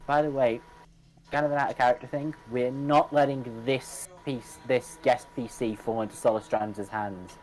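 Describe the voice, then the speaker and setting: A man's voice: mid-range voice, fairly even intonation, moderate pace, darkish tone, poor audio. A man as a player in a tabletop game, chatting casually and explaining plans.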